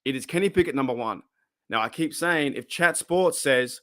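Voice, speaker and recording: A man's voice: on the high side, fairly quick, a bit bright. A man with an Australian accent, chatting casually on his own show in a small home room into a desktop microphone, rambling and restarting his sentences. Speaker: podcast host answering fan questions. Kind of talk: casual solo chat. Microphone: desktop USB microphone.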